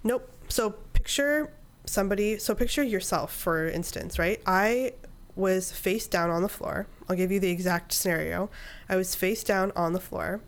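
A woman in her thirties speaks in a mid-range voice at a moderate pace. She's appearing on a podcast, telling a personal story conversationally and dramatizing her inner monologue.

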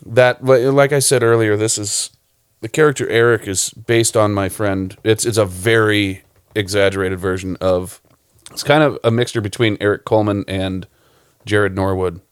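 A man's voice: fairly low pitch, steady tone, moderate pace, clean tone, dry recording, studio quality. A man who directed a short film, chatting loosely about it on a podcast, rambling and swearing often. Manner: rambling, profane, laughs often. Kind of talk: casual podcast chat.

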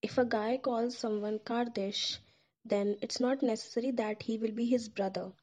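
A woman's voice: a little high, steady tone, normal speed, darkish tone. A woman teaching a language lesson, saying each word several times and breaking it into syllables. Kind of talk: slow, drilled language lesson. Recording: dull lo-fi recording.

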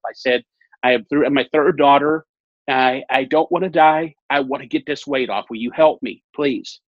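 Animated man telling a story, muffled audio. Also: fairly high pitch, no room sound. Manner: animated, acts out quoted dialogue, repeats phrases. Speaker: guest telling his weight-loss story. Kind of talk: casual storytelling in an interview.

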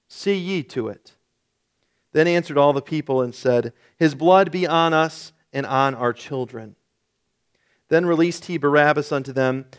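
A male pastor reading a long scripture passage aloud during a sermon, in a solemn, measured way. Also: a little high, smooth.

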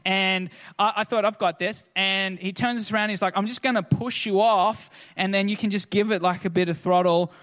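A man's voice: high voice, fairly even intonation, moderate pace, hardly any pauses, fairly bright tone. A man speaking to an audience, telling a personal anecdote in a chatty way, full of "like" and "kinda" and acted-out quotes. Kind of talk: anecdotal storytelling to a crowd.

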